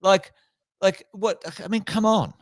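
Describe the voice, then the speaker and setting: An Australian man co-hosting a finance chat show, with a somewhat high voice. He talks bluntly and swears freely, slipping into mocking impressions of officials. The sound is dry and close. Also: fairly even intonation, a little slow, no room sound. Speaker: podcast co-host. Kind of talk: casual banter on finance.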